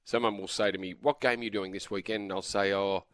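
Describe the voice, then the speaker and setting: Low-voiced Australian radio commentator. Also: male voice, fairly even intonation, fast talker, fairly bright tone, no room sound. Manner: hesitant, repeats words when starting. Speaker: sports radio co-host and caller. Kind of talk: casual radio banter. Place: radio studio. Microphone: studio microphone.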